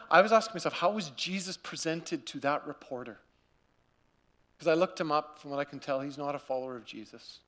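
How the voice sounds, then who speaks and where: A man preaching from the pulpit, his voice sitting a little higher than most men's. He presses his points through repetition, building loudly in places and dropping to a grave hush in others, and his earnestness stays steady throughout. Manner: earnest, repetitive, swings between loud urging and quiet gravity. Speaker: pastor. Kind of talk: sermon.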